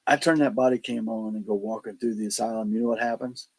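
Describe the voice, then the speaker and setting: Gravelly, husky man telling stories. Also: fairly low pitch, fast talker, rough recording. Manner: animated storyteller, acts out quotes, laughs between lines. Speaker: paranormal investigator guest. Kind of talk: casual storytelling on a podcast.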